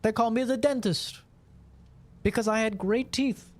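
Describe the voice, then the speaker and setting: A man's voice: sits high, fairly even intonation, measured pace. A man in his twenties chatting casually on a live stream, boastful and profane in his banter.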